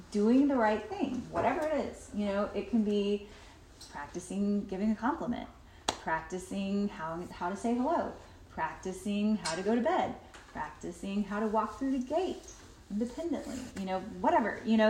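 A woman's voice: mid-range voice, a little mellow. A woman giving a parenting workshop in a chatty way, with many fillers, acting out what children say. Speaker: workshop presenter. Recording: roomy echo, faint noise.

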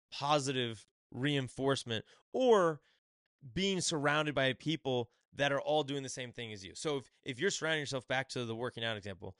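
A man's voice: mid-range voice, fairly bright tone, no echo, clean studio sound. A man hosting his own podcast, reviewing a book in casual chat and acting out little quotes as he rambles. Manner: rambling, acts out quotes in quick asides. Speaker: podcast host.

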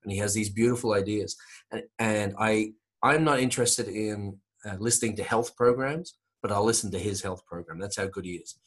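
A man's voice: lowish voice, brisk, slightly rough. A man hosting a podcast, telling a rambling story in casual chat with emphatic repetition.

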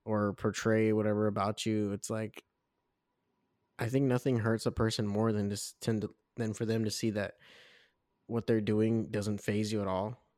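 A man's voice: lowish voice, flat delivery, moderate pace, darkish tone, dry recording, studio quality. A young man co-hosting a casual podcast, talking in a laid-back, rambling, profane way. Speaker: podcast co-host.

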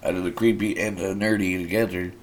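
A man's voice: sits low, steady tone, a little fast. A man co-hosting a podcast in casual chat, laid-back and laughing often. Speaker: podcast co-host.

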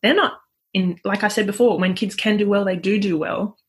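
A woman talks as a parenting coach in a casual interview. Her pitch sits in an ordinary middle range, and she speaks in a loose, chatty way. She laughs easily between points. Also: brisk. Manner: chatty, laughs often, acts out parents' voices. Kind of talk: conversational interview.

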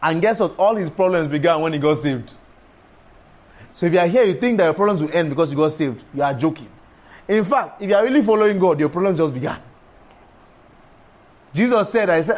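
High-pitched emphatic male preacher. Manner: emphatic, repetitive, with sudden high exclamations. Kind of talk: sermon.

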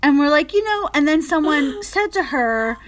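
A woman's voice: sits high, lively intonation, moderate pace. A woman telling a funny backstage story in casual chat, often laughing and acting out what others said. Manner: laughs often, acts out quotes, lots of "like".

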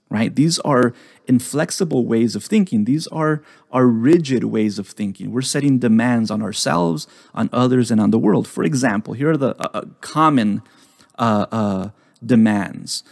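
Male podcast host, gravelly, teaching tone, repeats his points, dry close-miked sound. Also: mid-range voice, darkish tone, dry recording. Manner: explains slowly, repeats key phrases, tags lines with "right?". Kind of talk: relaxed teaching talk.

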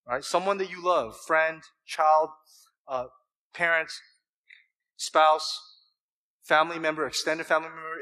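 A man's voice: fairly high pitch, bright, forceful tone. A man preaching a sermon to a church congregation, emphatic and full of rhetorical questions. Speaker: pastor.

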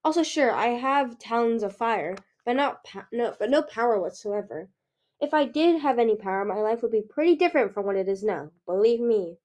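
A woman's voice: a little high, animated, normal speed, darkish tone, lightly acted. A woman voicing an anxious, defensive young female dragon with flustered protests.

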